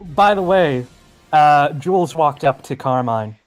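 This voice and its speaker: Calm, smooth-voiced male player. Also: on the high side, a little slow, faint music behind. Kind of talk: describing his character's actions.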